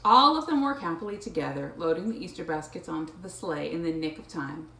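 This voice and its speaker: Woman doing storytime for a kid, super animated, bright voice, kinda roomy. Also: deep voice, a little fast. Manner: animated, playful, with animal sounds. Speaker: storytime reader. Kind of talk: reading picture books aloud to a child. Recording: echoey room, faint noise.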